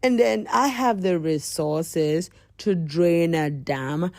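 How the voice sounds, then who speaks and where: A woman giving comedic commentary on the news, animated and exclaiming, rambling and repeating herself as she riffs. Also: fairly low pitch, slow pace, no echo. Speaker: podcast host.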